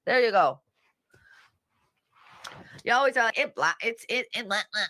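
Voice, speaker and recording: A woman's voice: fairly high pitch, expressive, moderate pace, pauses often, pushed and bright, no room sound. A woman hosting a casual livestream, reading comments and mocking people in a brash, profane way. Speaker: livestream host.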